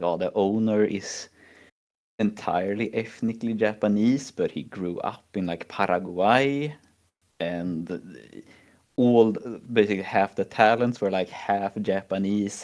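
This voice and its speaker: A man's voice: lowish voice, fairly even intonation, measured pace, a little mellow. A man with a Swedish accent hosting a casual chat stream, rambling through stories and acting out his own reactions. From Sweden. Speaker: stream host.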